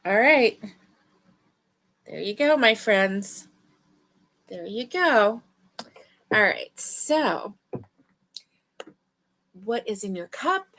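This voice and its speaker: A woman's voice: medium pitch, expressive, drawn-out words, long pauses, a bit bright. A woman hosting a crochet livestream, chatting casually with viewers. She sounds tired and yawns, but keeps up friendly, chatty greetings. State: tired and yawning. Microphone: livestream webcam mic.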